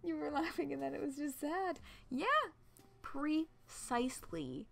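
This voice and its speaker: Gravelly-voiced woman reading a game aloud. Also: high voice, measured pace, faint music behind. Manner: expressive, laughs often, swears casually. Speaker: streamer. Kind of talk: reading a visual novel aloud on stream.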